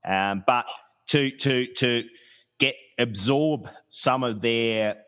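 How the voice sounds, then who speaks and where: A man hosting a podcast who asks his questions in a casual, halting way. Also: medium pitch, a bit bright, smooth. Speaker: podcast host. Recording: long echoing reverb.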